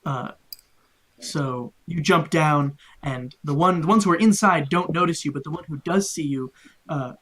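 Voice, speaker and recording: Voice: mid-range voice, moderate pace, a bit bright. A game master narrating a tabletop game in a loose, rambling way, full of "like" and "um". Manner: loose, filler-heavy narration with lots of "like" and "um".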